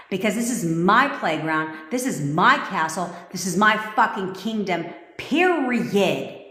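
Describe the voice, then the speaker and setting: A woman's voice: medium pitch, lively intonation, measured pace, a bit bright. A woman manifestation coach talking on a livestream in a blunt, profane, commanding way. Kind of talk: livestream talk to viewers. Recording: echoey room with long reverb.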